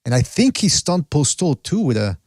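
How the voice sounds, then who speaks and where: A man's voice: on the high side, very animated, normal speed, darkish tone, no echo, clean studio sound. A man hosting a casual podcast who rambles, loses track of names and restarts his sentences. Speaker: podcast host.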